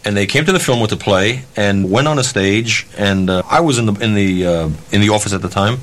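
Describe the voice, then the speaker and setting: A man who ran concert halls telling a story in a blunt, profane, animated way, acting out his own ranting. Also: on the low side, fairly quick, a little hiss or hum. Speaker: concert promoter. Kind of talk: anecdotal storytelling.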